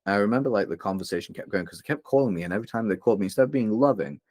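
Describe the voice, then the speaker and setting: A young man from England, a guest on a podcast, talks candidly about hard times in his life. His voice sits very low, and the close, dry recording keeps every word near. He rambles a little, with fillers and restarts. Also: expressive, racing, a little mellow, dry recording. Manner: open, emotional, rambling with many fillers. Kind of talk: candid interview storytelling.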